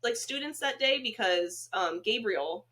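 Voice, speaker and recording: A woman's voice: fairly high pitch, a little slow. A woman co-hosting a horror movie podcast, chatting casually and chiming in often with agreement. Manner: frequent agreeing backchannels, expressive. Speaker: podcast co-host. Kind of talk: casual movie review chat.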